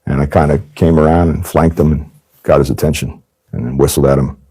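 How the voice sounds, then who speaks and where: A man with a low voice tells his story candidly in an interview. He talks fast and hammers points home by repeating them. His tone is dark and mellow. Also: steady tone, breathy edge. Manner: emphatic, repeats phrases for stress. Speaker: former undercover agent telling his story.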